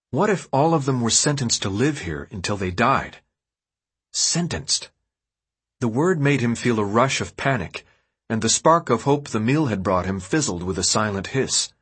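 A man narrating an audiobook in an expressive storytelling manner. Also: mid-range voice, husky. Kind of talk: scripted narration.

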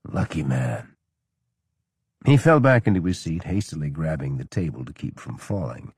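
A man narrates a historical novel in a measured, steady way. His voice is very low and husky but moves lively through its pitch, recorded dry and close. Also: no echo. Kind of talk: audiobook narration.

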